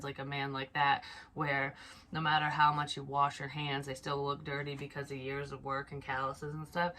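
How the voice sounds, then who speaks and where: A woman with a notably low voice talks through a psychic reading off the cuff. She speaks softly and hesitantly, restarting her sentences and dropping the odd swear word. A faint hiss sits under the recording. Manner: hesitant, musing aloud with frequent restarts; soft and low-key, swearing casually. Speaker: psychic medium. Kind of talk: unscripted psychic reading monologue.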